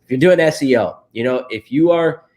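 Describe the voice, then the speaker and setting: A man's voice: mid-range voice, fairly quick, a little mellow. A married man, a guest in a casual interview, telling stories with frequent laughs and fillers. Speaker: interview guest, real estate investor.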